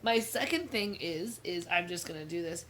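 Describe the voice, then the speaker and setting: A woman's voice: on the low side, lively intonation, normal speed, fairly bright tone, slight background noise. A woman in her thirties co-hosting a casual chat show, telling stories in a chatty way and laughing often. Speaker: podcast co-host.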